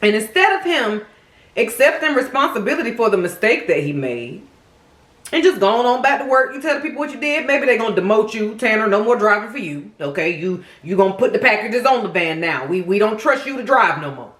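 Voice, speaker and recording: Lively sassy woman vlogger. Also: fairly high pitch, fairly quick, echoey room. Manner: animated, sassy, talks straight to viewers. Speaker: mukbang host. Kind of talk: casual true-crime storytelling while eating.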